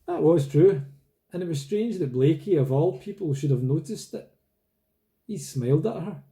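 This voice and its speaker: A man reading a novel aloud in steady, plain storytelling. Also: on the high side, moderate pace. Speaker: reader.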